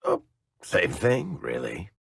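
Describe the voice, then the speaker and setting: Sarcastic dwarf storyteller from a video game, super deep and gravelly, slow lazy delivery, dry studio sound. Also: male voice, huge pitch swings, dry recording, exaggerated voice. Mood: wry. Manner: sarcastic, needling banter. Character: wry, teasing male dwarf storyteller, middle-aged. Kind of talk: video game companion dialogue.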